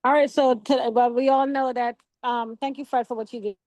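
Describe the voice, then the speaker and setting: A woman on a video call speaks earnestly, stumbling through fillers and restarts as she makes her point. Her voice is fairly high, and the sound is dry and close. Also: fairly even intonation, a little mellow, no room sound, poor audio. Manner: halting, many fillers and restarts. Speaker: panelist. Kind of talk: casual chat on a video call.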